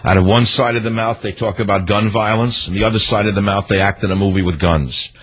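A man delivering political commentary on his radio show, indignant and rhetorical. His voice is low and husky. The broadcast sounds dull and lo-fi. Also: fairly even intonation, quick pace, a bit bright. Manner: indignant, rhetorical, hammering repetition. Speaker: radio talk show host.

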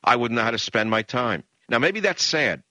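An older man from the Bronx, hosting a radio talk show in an impassioned, emphatic monologue that swings into high, mocking rants. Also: very animated, normal speed, pushed and bright, no room sound. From the Bronx, New York.

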